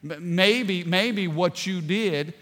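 A male pastor preaching a sermon, animated and emphatic, often rising in force. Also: high-pitched, slow pace, long reverb tail.

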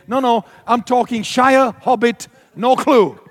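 A man preaching a storytelling sermon, animated and emphatic, acting out his own reactions. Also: extremely high pitch, moderate pace, hardly any pauses, long reverb tail.

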